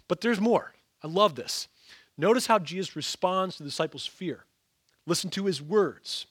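A man preaching a sermon in a fairly high voice. He asks his listeners rhetorical questions and swings from raised, emphatic lines to hushed ones. The sound is close and dry, with no room echo. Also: slightly rough. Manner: expressive, rhetorical questions to the congregation, sudden soft drops. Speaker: pastor.

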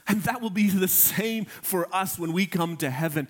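A man preaching a sermon as pastor, earnest and emphatic, slowing down on key phrases and addressing his congregation directly. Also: fairly high pitch, sing-song.

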